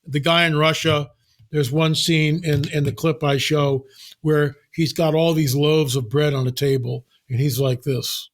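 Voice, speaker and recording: An older man speaking as a podcast guest, telling stories in an emphatic, animated way with sudden exclamations. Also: on the high side, unhurried. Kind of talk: casual podcast conversation.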